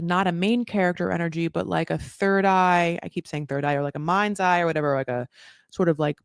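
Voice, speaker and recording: A woman's voice: on the low side, gravelly, no echo, studio quality. A woman hosting a show, chatting casually and giving strong opinions, with many "like" fillers. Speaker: podcast host recapping a reality show. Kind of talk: casual chat.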